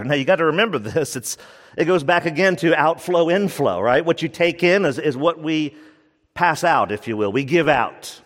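A man's voice: on the high side, animated, moderate pace, a bit bright, long reverb tail. A man preaching a sermon as pastor, emphatic and repeating his key lines for stress.

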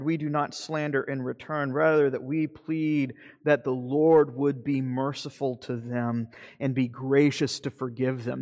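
A man preaching a sermon as pastor, earnest, slowing for emphasis and then speeding up. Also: a little high, in a large hall. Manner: earnest preaching, shifting between slow emphasis and quick asides.

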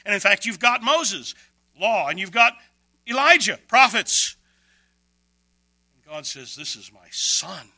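A man preaching an expository sermon, emphatic, with quick bursts and slow, stressed words. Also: sits high, pushed and bright, no echo.

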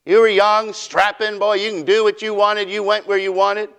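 A man's voice: high-pitched, flat delivery, moderate pace, creaky, fairly bright tone, clear, resonant tone. A man preaching a sermon in a folksy way, acting out quotes from his text. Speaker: pastor.

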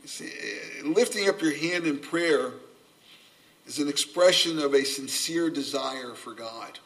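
An older man preaching a sermon, earnest and gently humorous, a self-described subdued speaker. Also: fairly high pitch, measured pace. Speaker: pastor. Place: church sanctuary. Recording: voice from a distance off the mic.

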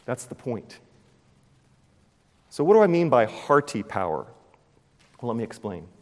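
A man preaching a sermon, retelling a scripture story with animated storytelling, acting out the scenes and cracking puns. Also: medium pitch, a little slow. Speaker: pastor. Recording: long hall reverb.

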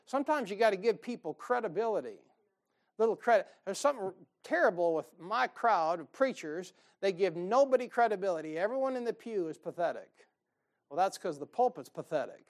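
A man delivers a sermon. He talks in a folksy, joking way and often rises into loud, fired-up bursts of preaching. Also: high voice.

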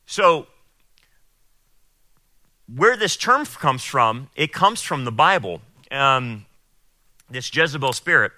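Guy preaching a sermon, super bright voice, dry close sound, gets loud and emphatic. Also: mid-range voice, expressive, dry recording. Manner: emphatic, quotes people in raised voices, pauses to explain. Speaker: pastor. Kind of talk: sermon and Bible teaching.

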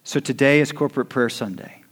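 A man preaching a sermon as pastor. He swings from quiet, hushed lines to loud, rising exhortation. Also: mid-range voice, brisk.

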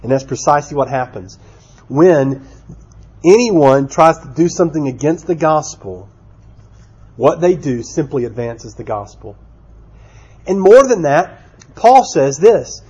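A man's voice: on the high side, animated, unhurried, pauses often, mellow, breathy edge. A man preaching a sermon, self-deprecating and speaking directly to the children, on a dull lo-fi recording. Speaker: pastor.

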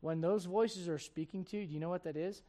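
A man preaching a sermon as pastor, firing rhetorical questions at the congregation and acting out the voices he quotes, swinging from loud emphasis to quiet asides. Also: high voice, brisk.

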